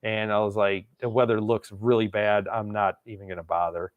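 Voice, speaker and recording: A man's voice: on the low side, steady tone, normal speed, no room sound, narrow, tinny audio. Guy from wisconsin rambling through a road trip story, chuckles a lot, dry close sound. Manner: rambling, laughs often, acts out quotes. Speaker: channel host. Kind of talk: casual storytelling monologue.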